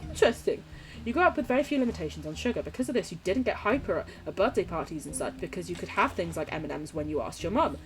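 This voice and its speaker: A fairly low-pitched, sing-song voice moves at a quick pace as a young woman from the United Kingdom streams a game. She reads chat and talks casually with viewers, laughing often and swearing without restraint.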